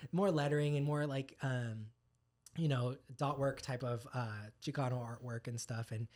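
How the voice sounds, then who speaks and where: A man who is a tattoo artist guest, telling stories in a rambling, animated way full of fillers. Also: mid-range voice, normal speed. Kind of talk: casual podcast chat.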